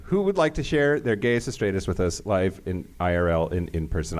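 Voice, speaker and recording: A man's voice: lowish voice, moderate pace, hardly any pauses. A man co-hosting a live podcast on stage, playful and laughing as he calls audience members up. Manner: playful, laughing, animated emcee. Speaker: podcast co-host.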